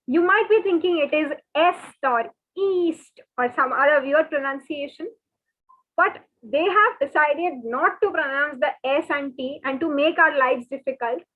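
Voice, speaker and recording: A woman teaching French in an online lesson, spelling words out and repeating them slowly and patiently. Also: high-pitched. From India. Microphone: webinar call audio. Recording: tinny phone-like line.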